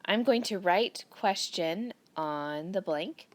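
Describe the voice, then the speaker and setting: Woman teacher going over a grammar worksheet with kids, lots of ups and downs in her voice, patient and clear. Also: fairly low pitch, animated, slow, noisy background. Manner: clear, patient, walks through worksheet aloud. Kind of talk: recorded grammar lesson for children.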